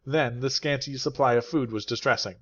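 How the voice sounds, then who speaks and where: A man, an English teacher, narrating a classic novel aloud in a steady, clear and unhurried way. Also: mid-range voice, highs cut off. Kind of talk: scripted audiobook narration.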